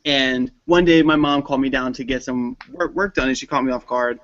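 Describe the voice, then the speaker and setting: A man hosting a casual chat, telling stories and acting out his parents with loud impressions. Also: medium pitch, fairly even intonation, brisk. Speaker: panel host. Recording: dull lo-fi stream audio.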